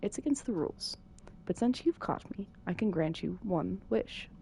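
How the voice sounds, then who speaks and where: A woman's voice: mid-range voice, animated, moderate pace, creaky, warm tone, a little hiss or hum. A woman voicing a playful, mischievous male alien gardener who puts odd stress on his words.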